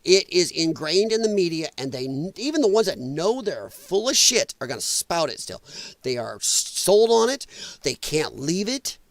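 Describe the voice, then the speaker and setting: Man, podcast host, heated rant, swears a lot, emphatic, high-pitched, dry close sound. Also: very animated, normal speed, dry recording. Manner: profane, emphatic, exasperated.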